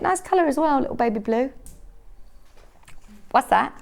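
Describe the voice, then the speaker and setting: A woman hosts a live TV sales show from a studio, her voice sitting a little on the high side. She chats along in an upbeat way, showing off each item and tagging on little questions as she goes. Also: animated, moderate pace, vocal fry, a little mellow. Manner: chatty, upbeat, asks lots of tag questions. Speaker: shopping channel presenter.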